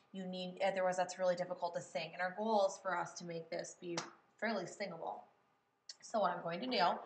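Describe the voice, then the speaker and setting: A woman's voice: mid-range voice, a bit bright, a little hiss or hum. Patient woman teaching step by step. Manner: patient, explains slowly, repeats words aloud to test stress. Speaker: music teacher. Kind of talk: step-by-step classroom tutorial. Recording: echoey room.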